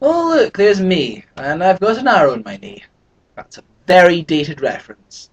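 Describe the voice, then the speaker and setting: A performer voicing an excitable, hapless male sidekick in a fan parody. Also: medium pitch, moderate pace, slightly rough, far from the mic, muffled recording. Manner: excitable, lively. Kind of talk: fan parody audio drama.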